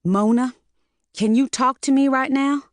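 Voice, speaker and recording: Woman voicing a sharp, urgent mother. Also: high voice, measured pace, no room sound, clean studio sound, voice pushed up. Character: worried, determined mother confronting a girl.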